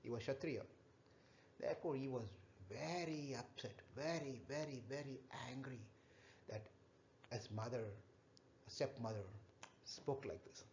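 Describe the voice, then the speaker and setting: A man teaching a children's class, retelling a scripture story in a halting way, repeating himself and stopping to ask the children questions. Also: medium pitch, a little mellow, slight background noise. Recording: echoey, dull room recording.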